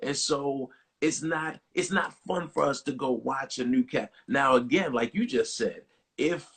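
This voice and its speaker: A middle-aged man co-hosting a casual chat, who listens and answers with steady, reflective remarks. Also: medium pitch, measured pace, creaky, breathy edge.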